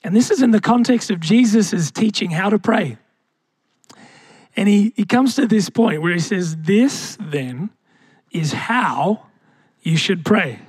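A man's voice: high-pitched, expressive, measured pace, a little mellow, slightly rough, no room sound, studio quality. A young man preaching a sermon as pastor, asking the congregation rhetorical questions and calling out to them.

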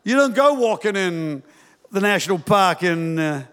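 A man preaches with lively humor, slipping into playful impressions of mothers and fathers. His voice sits high, and it rings with a long reverb through a large hall. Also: unhurried, clean tone. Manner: animated, acts out parents' voices with humor. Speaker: pastor. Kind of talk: sermon.

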